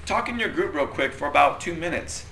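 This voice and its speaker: A young man teaching at church in a lively, conversational way, his voice bright and ringing and set a little high. He keeps turning questions back to the group and tells stories from his own life. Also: a little fast, creaky, a little hiss or hum. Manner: conversational, animated, asks questions. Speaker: youth pastor leading group discussion.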